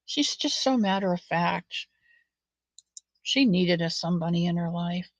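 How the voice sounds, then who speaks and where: A woman hosting a knit-along, chatting in a rambling, folksy way with soft muttered asides while she knits. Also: on the low side, unhurried, dry recording, poor audio. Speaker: knitting channel host. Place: at home, knitting.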